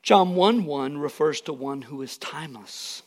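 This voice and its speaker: A man's voice: a little high, measured pace. A man preaching a sermon in an earnest, emphatic way, with casual asides to the congregation. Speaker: pastor.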